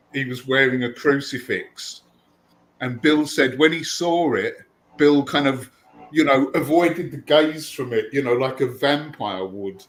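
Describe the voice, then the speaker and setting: A man hosting a casual chat, telling long anecdotes with a relaxed, chatty delivery. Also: mid-range voice, poor audio. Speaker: host.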